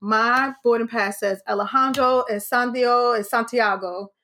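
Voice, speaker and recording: Woman, casual chat, bright, a bit high, acts out quotes, swears. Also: steady tone, a little slow. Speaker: podcast host.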